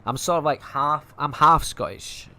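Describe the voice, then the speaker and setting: This gaming streamer from Manchester, England, chats casually and thinks aloud while playing, with the odd swear word. His voice sits a little high, pushed and bright, with lively intonation at a measured pace.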